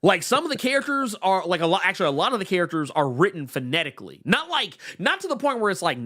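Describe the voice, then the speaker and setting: A man co-hosting a podcast, chatting casually about comics with animated stammering restarts. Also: high voice, quick pace. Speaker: podcast co-host. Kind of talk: casual comic book chat.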